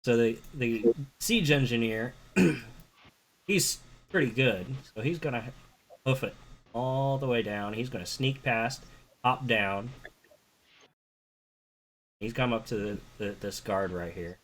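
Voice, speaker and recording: A man's voice: mid-range voice, slow, pauses often, a bit bright. A man running a tabletop game as game master, casually narrating combat and counting out moves.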